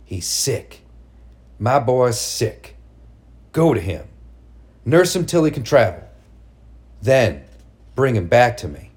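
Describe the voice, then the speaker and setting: A man's voice: mid-range voice, big pitch swings, takes it slowly, pauses often, a little mellow. A man voicing a mother driven mad by grief, speaking in a cold, bitter, commanding way in a storybook reading.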